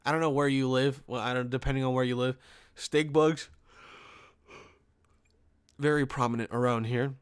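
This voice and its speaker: A man's voice: medium pitch, moderate pace, pauses often, clear, resonant tone, no room sound, clean studio sound. Profane young man telling a story. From Pennsylvania. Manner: profane, rambling, animated storytelling. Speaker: podcast host. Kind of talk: comedic storytelling.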